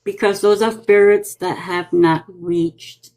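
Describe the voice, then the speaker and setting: A woman speaking as a psychic medium guest in a relaxed livestream chat. She tells stories with energy and jumps into voices for the people she quotes. Her pitch sits at an ordinary middle level. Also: takes it slowly, a little hiss or hum, rough recording. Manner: lively storyteller who acts out quoted voices.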